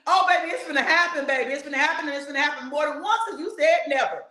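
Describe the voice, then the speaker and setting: A high-voiced woman preaches, hammering the same phrases again and again and breaking into shouts. The sound is roomy and echoey. She drives a sermon straight at her listeners. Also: rapid-fire. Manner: fiery, repetitive exhortation with shouts and laughs.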